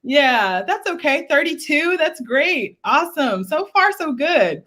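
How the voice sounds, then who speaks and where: A woman's voice: high-pitched, big pitch swings, unhurried, fairly bright tone. A woman singing teacher leading a live online workshop, chatty and encouraging, laughing easily between exercises.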